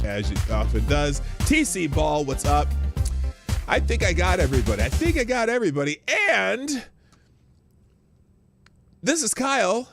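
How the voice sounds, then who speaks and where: A man's voice: a little high, a little slow, gravelly, over music. A man hosting a morning live stream in a casual, rambling way, greeting his viewers one by one. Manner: animated, greets viewers by name, rambling asides.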